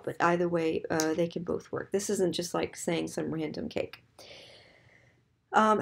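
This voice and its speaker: A middle-aged woman teaching a French lesson, patiently explaining and repeating example phrases slowly. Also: fairly low pitch, warm tone, breathy edge. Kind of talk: recorded slide lesson.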